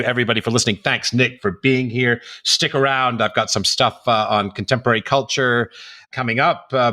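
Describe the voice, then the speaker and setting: A man's voice: lowish voice, sharp tone. A man in his fifties hosting a podcast, chatting casually and rambling through a closing monologue. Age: 50s. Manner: chatty, rambling, shifts between accents. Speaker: podcast host.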